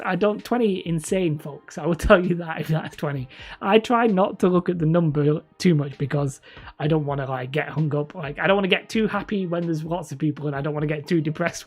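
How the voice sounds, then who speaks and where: Husky woman with a slight lisp. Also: lowish voice. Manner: rambling, self-correcting, laughs often. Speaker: host streaming live and reading chat. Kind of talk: casual livestream chat.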